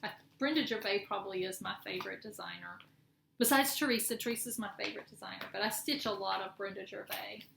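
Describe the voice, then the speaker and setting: A woman's voice: medium pitch, fast, creaky. A middle-aged woman chatting casually in a cross-stitch vlog, rambling and correcting herself as she shows her projects. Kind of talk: casual show-and-tell chat. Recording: echoey room with faint noise.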